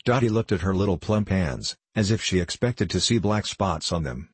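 Male narrator, deep voice, husky, steady measured reading. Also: no echo. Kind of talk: audiobook narration.

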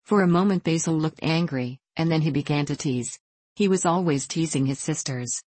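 Measured audiobook narrator, dry close sound. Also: mid-range voice, darkish tone, no room sound. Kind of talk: scripted narration.

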